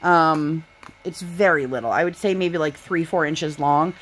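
A woman in her thirties with a low voice chats away while she works on a craft. She rambles candidly and vents her frustration, sighing now and then. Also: unhurried, a bit bright, slight background noise. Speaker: vlogger and mother. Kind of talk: casual chat while crafting.

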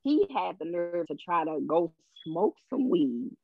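A middle-aged woman, a podcast co-host, telling an expressive story and acting out the voices in it. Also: lowish voice, unhurried, dry recording. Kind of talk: animated storytelling. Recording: dull, lo-fi sound.

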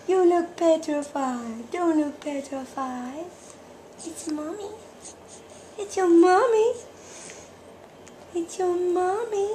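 A woman's voice: very high-pitched, slow pace, long pauses, dark tone, slight background noise. A woman cooing doting baby talk with kissing sounds at home, filmed on a home video camera. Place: home, indoors.

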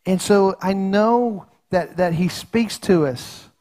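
A middle-aged pastor with a high, slow, slightly mellow voice preaches a sermon in his church sanctuary. His delivery is earnest and folksy, and he often repeats himself and restarts his words.

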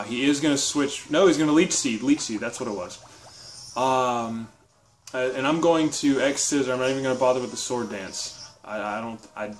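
Young man, game commentary, casual, chatty, self-correcting, excited bursts, faint music behind. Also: medium pitch. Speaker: gaming commentator.

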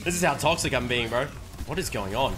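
Excitable young man gaming. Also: medium pitch, brisk. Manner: excitable, joking, sudden shouts. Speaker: gaming streamer. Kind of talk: casual gameplay commentary. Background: background music.

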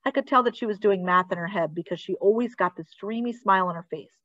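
A woman reading a children's chapter book aloud in a calm, steady storytelling voice, on a dry, dull recording. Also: medium pitch, fast, dry recording. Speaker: library read-aloud reader.

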